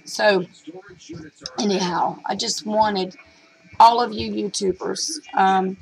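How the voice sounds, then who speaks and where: A woman's voice: mid-range voice, steady tone, takes it slowly, creaky, crowd noise, rough recording. A middle-aged woman vlogging about reselling, telling a story in a rambling, chatty way with lots of fillers and restarts. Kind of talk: casual storytelling vlog.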